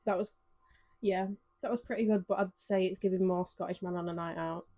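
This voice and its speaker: A woman's voice: fairly low pitch, fairly even intonation, fairly quick, mellow, no room sound, muffled recording. A woman co-hosting a podcast, chatting in a laid-back, teasing way. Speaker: podcast co-host. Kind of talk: casual chat.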